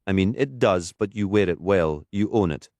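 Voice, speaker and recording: A man's voice: deep voice, lively intonation, normal speed, a little mellow, dry recording. A man voicing a kind, frank young woman detective constable in an audiobook. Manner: kindly, frank. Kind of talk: audiobook character voice.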